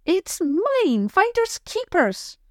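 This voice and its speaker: A woman voicing a fierce, stubborn little girl who wants to be a knight, speaking high and defiant. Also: very animated, slow pace, dry recording, studio quality, exaggerated voice.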